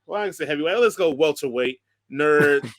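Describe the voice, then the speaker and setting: A man's voice: on the high side, lively intonation, fairly quick, a bit bright. A man hosting a podcast in casual chat, joking, laughing often and rambling through lists. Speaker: podcast host.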